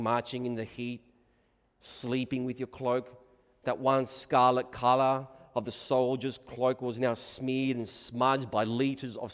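A man preaching a sermon, moving between hushed reflection and loud, emphatic proclamation. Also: mid-range voice. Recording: long reverb of a large hall.

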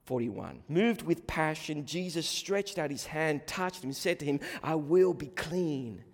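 A man, letting his words ring through a church hall with a long echo. He speaks slowly, dropping to a hush and then building to fervent emphasis. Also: a little high, animated. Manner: swings from hushed to fervent, rising preaching. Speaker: preacher. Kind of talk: sermon.

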